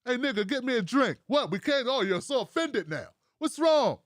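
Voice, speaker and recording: A man's voice: extremely high pitch, sing-song, normal speed, no echo, studio quality. A man mimicking a brash, crude old-school male boss who keeps asking what's wrong in mock innocence. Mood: mock-innocent.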